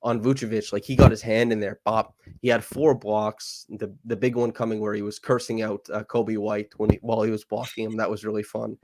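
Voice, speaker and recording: Lower-voiced man breaking down basketball. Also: flat delivery, a little mellow, a little hiss or hum. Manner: fast, enthusiastic breakdown with fillers. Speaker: podcast host. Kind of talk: casual basketball analysis chat.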